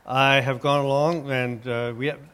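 Earnest man giving halting faith testimony. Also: medium pitch, level tone, a bit bright, clear, resonant tone. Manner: earnest, halting, many uh fillers and restarts. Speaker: guest, author and minister.

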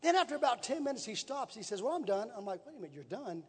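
A man's voice: very high-pitched, sing-song, quick pace, a little mellow, slightly rough. A man preaching, telling a folksy story with repetition and building emphasis. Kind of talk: sermon storytelling. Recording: long reverb in a large hall.

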